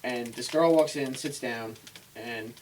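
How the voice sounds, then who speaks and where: A man's voice: mid-range voice, unhurried. A young man on a casual podcast, telling a long rambling story full of filler words. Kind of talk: casual chat among friends. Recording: distant mic with faint hiss.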